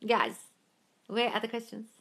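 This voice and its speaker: Her voice sits on the high side, expressive and unhurried, a bit bright and slightly rough. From home with her cat, she answers viewer questions on a casual phone livestream, reading comments aloud, swearing freely and calling everyone darling.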